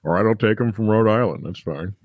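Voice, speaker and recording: A man guesting on a podcast, goofy and quick to laugh, trading jokes in casual banter. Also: lowish voice, no echo, narrow, tinny audio. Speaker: podcast guest, band member. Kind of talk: joking banter.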